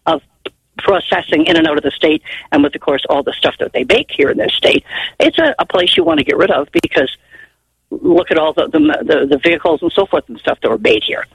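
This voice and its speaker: A woman's voice: low voice, lively intonation, fairly quick, breathy edge, no echo, poor audio. An older woman phoning in to a radio show, telling a long rambling story in a chatty way. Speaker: caller. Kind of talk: call-in radio chat.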